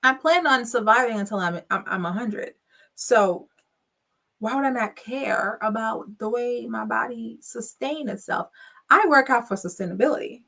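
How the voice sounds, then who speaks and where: A woman's voice: fairly high pitch, normal speed, gravelly, sharp tone. A young adult woman hosting her channel, telling a casual story with emphatic rhetorical questions. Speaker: channel host.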